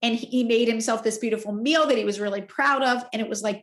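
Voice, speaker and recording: A woman in her forties, a podcast guest, telling a personal story in an expressive, candid way. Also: fairly high pitch, fast talker. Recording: roomy echo.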